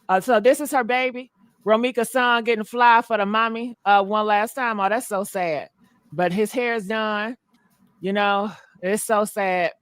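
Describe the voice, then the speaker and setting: A woman's voice: mid-range voice, steady tone, unhurried, a bit bright, clean tone, no echo, clean studio sound. Chatty slangy woman vlog host. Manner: chatty, slangy, talks to viewers. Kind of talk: casual commentary.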